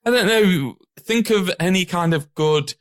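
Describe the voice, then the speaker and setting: A man, co-hosting a podcast in animated, sweary casual chat. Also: sits high, a little slow, dry recording, studio quality. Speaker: podcast co-host.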